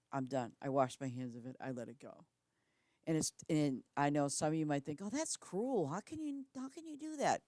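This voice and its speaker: Woman, middle-aged, deep voice, blunt matter-of-fact chat, dry close sound, live stream at home. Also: no echo. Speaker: game streamer.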